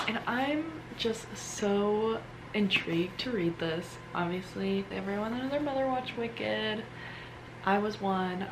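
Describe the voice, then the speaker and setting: A woman's voice: medium pitch, a little slow. A young woman vlogging casually at home, chatty and self-deprecating, trailing off mid-sentence. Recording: noisy home recording.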